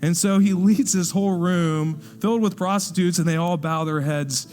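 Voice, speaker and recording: Male pastor telling a story in a sermon, fairly high voice, acts out the characters, long church reverb, faint music behind. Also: moderate pace. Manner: lively narration, acting out the people in the story. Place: church hall.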